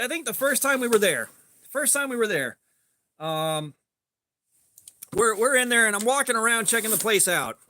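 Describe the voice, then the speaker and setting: A man with a high, crisp voice chats on a relaxed stream. He wanders through a long story in a laid-back way and breaks off to greet viewers. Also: slight background noise. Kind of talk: casual storytelling while sharpening.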